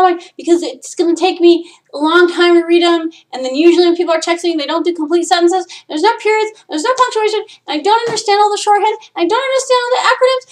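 A woman hosting a solo podcast, ranting in a profane, animated way and swinging between loud outbursts and low asides. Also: brisk. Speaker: podcast host.

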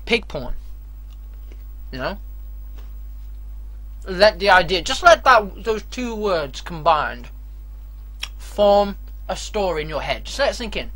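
A man's voice: sits high, animated, takes it slowly, long pauses, sharp tone. A man giving foul-mouthed, rambling commentary while playing a horror game, breaking into screams when startled. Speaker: let's play commentator. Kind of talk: gameplay commentary.

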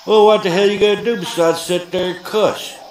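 A man's voice: high voice, fairly even intonation, fairly quick, a little mellow. Brash man taunting ghosts. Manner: brash, mocking, provoking. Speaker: paranormal investigator. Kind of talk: taunting spirits on a ghost hunt vlog. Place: inside an abandoned church. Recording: echoey empty building, background noise.

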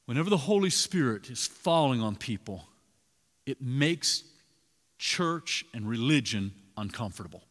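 A man preaching a sermon as pastor, animated, swinging between loud emphasis and hushed asides. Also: medium pitch, a little slow. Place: church sanctuary. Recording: long reverb in a large hall.

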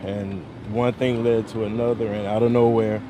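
A man's voice: on the low side, level tone, moderate pace. A man giving a hesitant eyewitness account outdoors at a gas station. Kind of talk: street interview. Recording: loud traffic noise outdoors.

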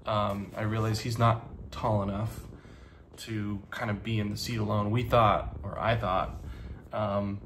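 A man in his thirties talking casually to the camera, halting with many pauses, earnest and grateful. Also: fairly low pitch, level tone, slight background noise. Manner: halting, soft-spoken, many ums and pauses. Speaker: vlogger and teacher.

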